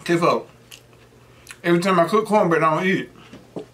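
A man's voice: high-pitched, animated, a little fast, fairly bright tone, a little hiss or hum. A middle-aged man hosting an eating show, chatting casually between bites and wandering off into joking stories. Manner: rambling, joking storyteller. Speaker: mukbang host. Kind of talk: casual chat while eating.

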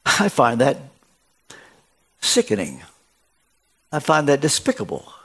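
A man's voice: animated, unhurried. An older man preaching a sermon as a guest in a church, telling stories and acting out the dialogue in them. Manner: storytelling, acts out dialogue with shifts of pitch.

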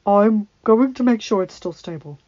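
A woman doing a soft-spoken beast prince. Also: medium pitch, normal speed, no echo, natural voice. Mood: calm. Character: gentle beast prince, male, calm and deep. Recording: dull lo-fi, dry.

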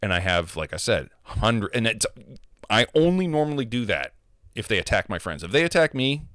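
A man with a lowish voice rants about online gaming, heated, profane and emphatic. The sound is dry and close, with no room echo. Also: sing-song, normal speed, fairly bright tone. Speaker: gamer. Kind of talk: casual rant.

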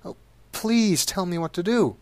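A man doing a breathy, pleading young woman. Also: sits high, lively intonation, measured pace, voice pushed up.

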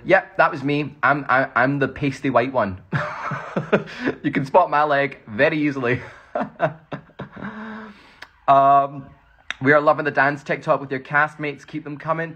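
A man's voice: mid-range voice, fairly even intonation, moderate pace, a bit bright, muffled recording. A Scottish man, an actor, rambling cheerfully through fan questions in a casual phone livestream. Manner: chatty, rambling, laughs often.

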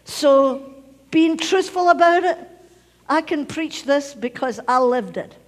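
A woman's voice: sits high, animated, takes it slowly. A Scottish woman pastor preaching a sermon, emphatic, repeating key phrases and sometimes dropping to a near whisper. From Scotland. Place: church sanctuary. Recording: long church reverb.

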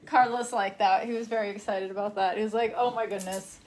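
A woman's voice: mid-range voice, fairly even intonation, fairly quick. A young woman live-streaming in casual chat, rambling along and reading viewer comments aloud.

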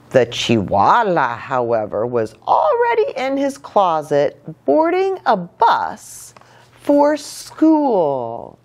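Lady pastor doing storytime for kids, super lively pitch, takes it slow. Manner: animated, playful storyteller. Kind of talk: reading a picture book aloud to children.

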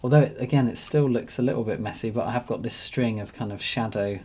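A man narrating a painting demonstration as he works, relaxed and thinking aloud. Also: medium pitch, quick pace, husky. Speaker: painting teacher.

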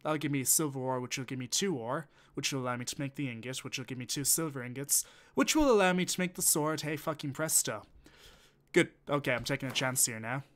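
A man's voice: mid-range voice, a little fast, fairly bright tone. A man, chatting and swearing casually as he thinks aloud while playing a game on stream. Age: 20s. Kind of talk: casual gameplay commentary.

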